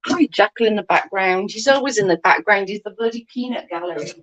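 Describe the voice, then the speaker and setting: A woman's voice: medium pitch, animated, brisk, fairly bright tone, dry recording, highs cut off. A woman, telling rambling stories with lots of giggles as she chats with her livestream viewers. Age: 40s. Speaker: livestream host. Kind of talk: casual chat with viewers.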